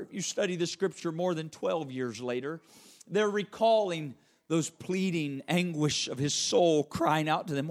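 Dramatic preacher man, loud then hushed. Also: on the high side, a little slow. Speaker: pastor. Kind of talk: sermon.

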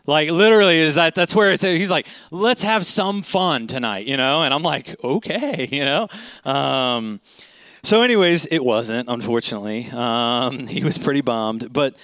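A man in his thirties preaching in a casual, animated storytelling way, often checking in with "okay?". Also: mid-range voice, normal speed, clean tone, dry recording. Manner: animated, conversational, keeps asking "okay?". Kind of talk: storytelling sermon.

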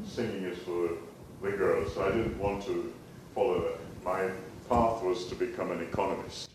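Slow, soft-spoken man. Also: deep voice, roomy sound, a little hiss or hum, low-quality recording. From Jamaica. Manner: soft-spoken, musing, with chuckles and self-mockery. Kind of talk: reflective personal storytelling.

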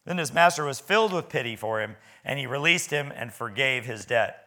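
A man's voice: medium pitch, expressive, brisk, bright, forceful tone. A man preaching a sermon in a church, talking in a folksy, conversational way with stammering restarts.

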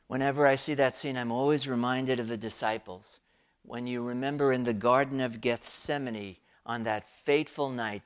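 A man preaching a reflective sermon, speaking in an unhurried, thoughtful way. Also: fairly high pitch. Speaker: pastor.

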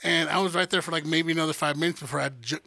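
A man in casual podcast chat, telling a story with lots of swearing and acted-out quotes. His voice sits a little high and sounds bright and forceful. The sound is dry and close, with no room around it. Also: fairly even intonation, rapid-fire, vocal fry, no echo. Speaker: podcast co-host.

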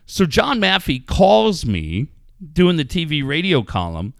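A man's voice: a little high, wildly swooping pitch, unhurried, vocal fry, no room sound, clean studio sound. A man who hosts sports radio, casually telling a profane story and acting out quotes. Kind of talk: casual podcast banter.

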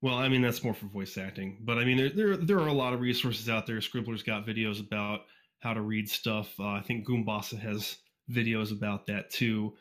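Here the fan fiction reviewer's voice is fairly low and fairly bright, moving at a moderate pace. As a casual podcast interview guest, he wanders through his points, teases himself, and leans on fillers and restarts.

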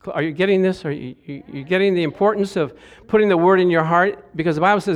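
A middle-aged male pastor preaching a lively sermon, acting out quotes in different voices and laughing along the way. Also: high voice, fast talker, few pauses.

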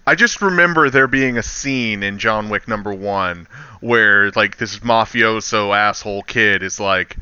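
A man's voice: fairly low pitch, measured pace, pushed and bright, clean tone, no room sound. A laid-back young man in casual film chat with a wry way of talking, heard on a dull, dry lo-fi recording.

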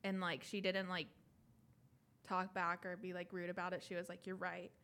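A woman's voice: fairly low pitch, monotone, normal speed, a bit bright. A young woman in casual chat, enthusiastic and slangy, swearing as she talks with friends.

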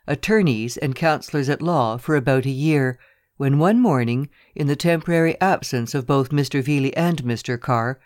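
A narrator reads a first-person novel at a measured, even pace. The voice sits at a middle pitch. It is recorded dry and close, with no room sound. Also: no room sound. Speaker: audiobook narrator.

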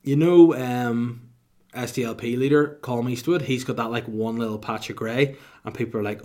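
A man's voice: mid-range voice, steady tone, moderate pace, a little mellow. A man, rambling through a casual solo podcast monologue with crude, self-mocking humor. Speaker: podcast host.

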